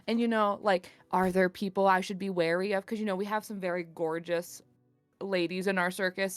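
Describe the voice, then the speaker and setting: A woman's voice: mid-range voice, steady tone, brisk, clear, resonant tone, dry recording, soft background music. A woman playing a tabletop game, voicing a chatty, apologetic circus troupe leader who rambles and slips into a slight southern twang. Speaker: player. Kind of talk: in-character tabletop role-play.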